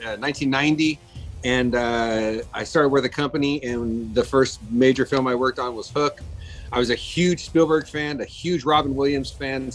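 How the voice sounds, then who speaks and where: A man's voice: mid-range voice, poor audio. A man in his fifties, a guest in a casual interview, telling stories about his work in a chatty way with many fillers and restarts. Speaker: guest, makeup effects artist.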